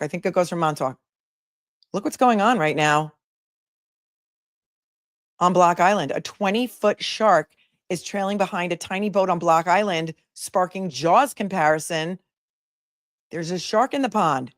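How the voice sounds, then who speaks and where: A woman's voice: on the low side, moderate pace, pauses often, dry recording, studio quality. A woman hosting a live commentary stream, chatting casually, joking and reading viewer comments aloud. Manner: chatty, jokey, reads chat messages aloud.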